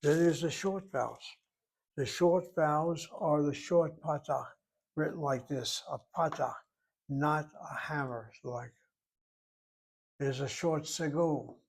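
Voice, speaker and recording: A man's voice: a little high, slow pace, vocal fry. An older man teaching a Hebrew lesson, explaining rules methodically and repeating key points as he writes on a board. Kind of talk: classroom lecture at a whiteboard.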